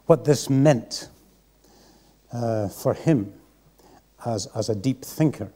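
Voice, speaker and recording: A man's voice: mid-range voice, mellow. A man preaching a sermon in church, earnest and reflective. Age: 60s.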